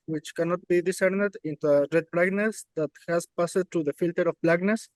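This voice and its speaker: High-voiced man reading academic comments. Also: no room sound, poor audio. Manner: careful, hesitant, academic phrasing. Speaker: workshop participant.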